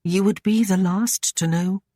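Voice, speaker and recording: A woman's voice: mid-range voice, fairly even intonation, warm tone, no room sound, clean studio sound, pitched above the performer's own voice, natural voice. A man reading an audiobook, voicing a proud and defiant young Saxon noblewoman in a raised, pointed voice. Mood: wry teasing. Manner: teasing, pointed, quick to worry.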